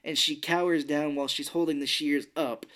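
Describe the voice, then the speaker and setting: A man's voice: a little high, fairly even intonation, normal speed, fairly bright tone. A man co-hosting a casual podcast about a film, retelling scenes with little acted quotes and chuckles. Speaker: podcast co-host. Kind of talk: casual movie chat.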